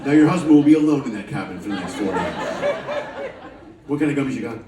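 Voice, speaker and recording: In a cruise ship show lounge, a man with a mid-range voice and lively intonation works the live crowd at a quick clip, cursing freely and ribbing people between bits. The sound is reverberant and distant, with crowd noise and laughter all around.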